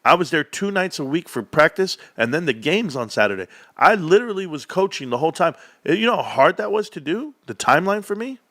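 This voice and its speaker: A man's voice: fairly high pitch, brisk, few pauses, no room sound. A man, chatting casually as a livestream host and acting out the voices of the people in his stories. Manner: animated storyteller, acts out quoted voices.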